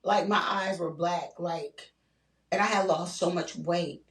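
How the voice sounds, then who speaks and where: An older woman with a lowish voice tells her story in an earnest, conversational way, circling back and repeating herself. She sounds a little far from the microphone in a roomy, echoey space. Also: steady tone, measured pace, fairly bright tone. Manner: earnest, repetitive storytelling with "you know, like". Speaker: guest sharing her story. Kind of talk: candid podcast conversation. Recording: roomy, distant mic.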